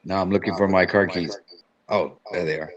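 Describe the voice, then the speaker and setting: A man's voice: low-pitched, steady tone, fairly quick, lo-fi sound, a crowd in the background. A man with a Quebec French accent chatting casually on a video call, easygoing and chuckling. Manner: easygoing, chuckling, switches between English and French. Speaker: guest on the show.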